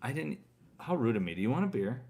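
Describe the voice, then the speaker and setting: A man in his thirties co-hosting a casual live stream. He reads out viewer comments in a relaxed, offhand way and slips in teasing jokes. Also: mid-range voice, fast, creaky. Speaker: co-host reading viewer comments. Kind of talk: casual chat.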